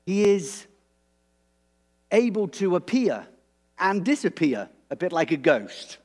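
Guy giving a chatty sermon, slow and easygoing, voice goes up and down a lot. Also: high voice. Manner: conversational, animated, with restarts. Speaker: preacher.

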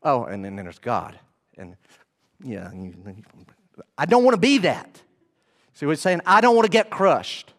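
A male pastor preaching a sermon, animated and often asking the congregation questions. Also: fairly high pitch, a little slow, pauses often.

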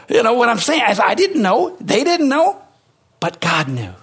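Husky-voiced preaching man, high and fervent. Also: wildly swooping pitch, moderate pace. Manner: emphatic preaching with rising, near-shouted peaks. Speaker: pastor. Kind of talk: sermon.

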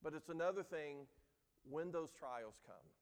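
A man's voice: fairly high pitch, animated, unhurried, smooth. A man preaching a sermon as pastor, earnest and emphatic, recorded in a church. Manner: earnest preaching, acts out quoted lines with rising emphasis. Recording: long hall reverb.

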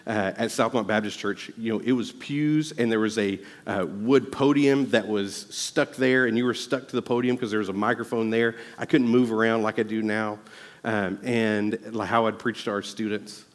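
A male pastor preaching a sermon, telling a personal story earnestly and rising to loud, emphatic exhortation. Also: lowish voice, fairly even intonation, moderate pace, big-room sound.

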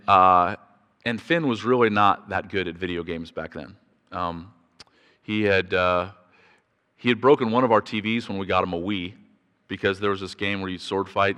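A man preaching a sermon, telling a family story in a chatty, halting way, with repeated words and restarts, and growing louder when he gets excited. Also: low voice. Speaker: pastor. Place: church sanctuary. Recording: reverberant church hall.

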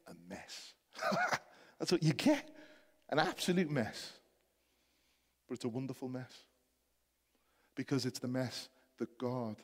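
A man's voice: medium pitch, a little mellow, big-room sound. A man with a Liverpool accent preaching a sermon to his church, building to emphatic, passionate exhortation. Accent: Liverpool (Scouse). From Liverpool, England. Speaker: pastor. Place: church hall.

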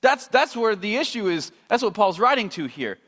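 A pastor giving a sermon, animated and chatty, telling a story with acted-out voices. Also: male voice, sits high, normal speed. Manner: animated storytelling, acting out scenes with shifting voices. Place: church sanctuary. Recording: long hall reverb.

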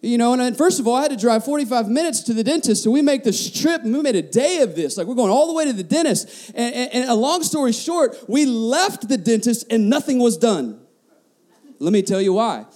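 A man's voice: very high-pitched, expressive, brisk, a little mellow. A man preaching a sermon as a pastor, passionate, often repeating words and asking the congregation questions.

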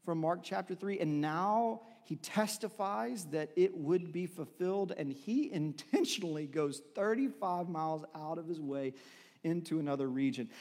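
A man's voice: sits high, a little mellow, big-room sound. A man preaching a sermon in a conversational, storytelling way, with filler words and restarts. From Texas. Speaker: pastor.

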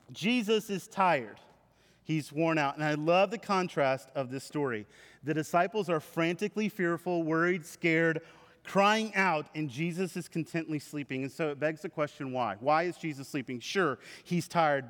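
A man preaching a sermon to his church, with animated storytelling. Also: a little high. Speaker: pastor. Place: church sanctuary. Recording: reverberant hall.

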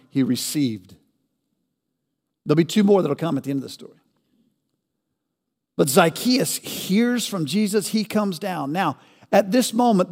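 A man preaching a sermon as pastor, asking rhetorical questions and building to loud, emphatic peaks. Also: high-pitched, big-room sound.

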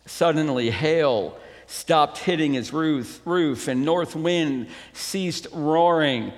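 A man preaching a sermon as a pastor, then reading a story aloud with expressive, unhurried storytelling. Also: in a large hall. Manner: unhurried, expressive storytelling with wide pitch swings.

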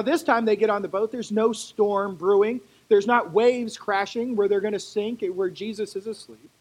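Husky-voiced preacher. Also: medium pitch, rough recording. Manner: conversational, animated storytelling with asides. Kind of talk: sermon.

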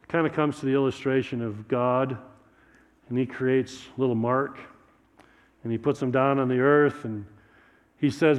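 A man's voice: medium pitch, fairly even intonation, normal speed, highs cut off. A man preaching a sermon as a pastor, in a conversational, joking storytelling manner. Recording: echoey hall.

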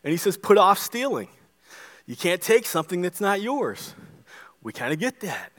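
A male pastor preaching a sermon, animated, acting out the voices he quotes. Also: sits high, moderate pace. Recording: long hall reverb.

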